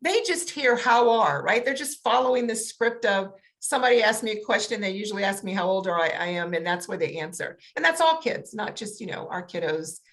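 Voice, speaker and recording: A woman coach on a panel, explaining in a lively way and acting out examples with big changes in intonation. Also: mid-range voice, fairly quick, hardly any pauses. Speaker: autism communication coach. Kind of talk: panel discussion.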